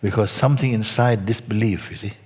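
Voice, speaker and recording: A man giving a spiritual talk as a teacher, telling a story unhurriedly, with soft asides that sink almost to a whisper. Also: fairly low pitch, brisk, breathy edge, long reverb tail.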